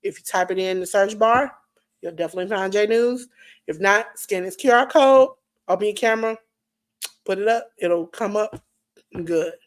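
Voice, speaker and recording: A woman co-hosting a live-streamed wrestling podcast, signing off in a hyped, playful way that swings between loud and soft while she is losing her voice. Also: mid-range voice, normal speed. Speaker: podcast co-host.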